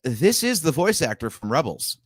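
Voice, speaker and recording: A man's voice: on the high side, very animated, normal speed, husky, no echo, studio quality. A man co-hosting a casual fan podcast, talking in a chatty, opinionated way. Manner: chatty, opinionated, shares pictures on screen. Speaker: podcast co-host. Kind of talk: casual chat.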